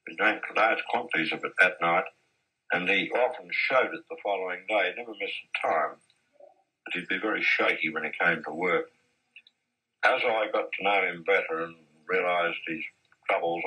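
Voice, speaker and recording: A man with a deep, husky voice recalls his old mining days in a measured, anecdotal way. His tone is bright and forceful despite the low pitch. It sounds like a 1970s archive interview. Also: poor audio. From Australia. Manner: measured, anecdotal, with occasional restarts. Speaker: interviewee, former mine boss. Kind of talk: reminiscing storytelling in an interview.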